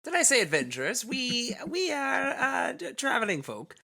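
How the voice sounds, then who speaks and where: A man's voice: extremely high pitch, wildly swooping pitch, normal speed, creaky, bright, forceful tone, pitched above the performer's own voice, full character voice. A man voicing a shifty halfling adventurer who stammers and fibs about where he comes from. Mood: evasive. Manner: hesitant, stammering, fibbing. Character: shifty halfling rogue posing as traveling folk.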